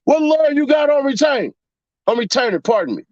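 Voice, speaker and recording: A man's voice: very high-pitched, animated, a little fast, darkish tone, dry recording, lo-fi sound. A man in a casual, profane commentary rant, mocking his audience with rhetorical questions. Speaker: commentary vlogger.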